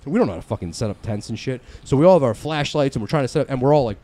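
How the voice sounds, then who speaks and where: A man in his forties from northern New Jersey with a New Jersey accent, telling profane stories on a casual podcast, getting loud when he quotes his friends. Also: medium pitch, expressive, rapid-fire, hardly any pauses. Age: 40s. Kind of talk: casual chat.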